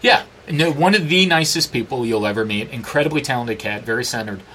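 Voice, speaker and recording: A man in his forties, an interview guest, telling personal stories in a candid, profane, animated way and acting out what others said. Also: medium pitch, fairly quick, slight background noise. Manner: profane, animated, acts out quoted dialogue. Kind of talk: candid storytelling conversation.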